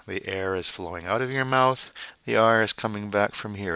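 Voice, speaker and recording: A man teaching French vocabulary, modeling each word slowly and repeating it, with playful asides. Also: low-pitched, sharp tone, no echo. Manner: slow, drawn-out model pronunciations with repetition. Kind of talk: vocabulary pronunciation lesson.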